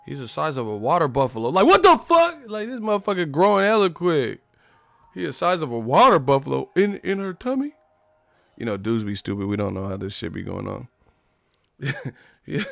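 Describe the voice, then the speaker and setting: A man's voice: mid-range voice, vocal fry, fairly bright tone, no room sound. A man hosting a livestream, ranting comedically in a loose, profane way and laughing often. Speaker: livestream host.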